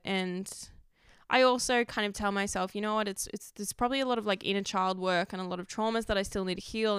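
Young woman, frank confessional vlog, smooth resonant tone, dry close sound, swears freely. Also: mid-range voice, no echo. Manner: frank, rambling, heavy swearing. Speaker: vlogger. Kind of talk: candid confessional monologue.

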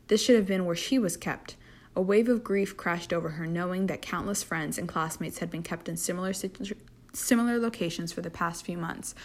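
A woman reading a story aloud at a steady pace, with occasional slips and restarts. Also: on the low side. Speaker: fanfiction reader.

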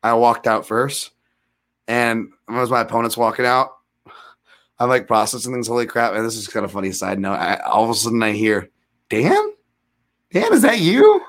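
A man in his thirties, a podcast guest telling rambling, self-deprecating fight stories with animated retellings. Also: fairly low pitch, brisk. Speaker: guest, MMA analyst. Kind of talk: casual storytelling in a podcast interview.

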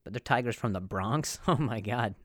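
Speaking at normal speed with a medium-pitched voice, this man hosts a podcast and delivers a casual comedic monologue. He rambles and jokes, stumbles over words, and laughs at his own gags.

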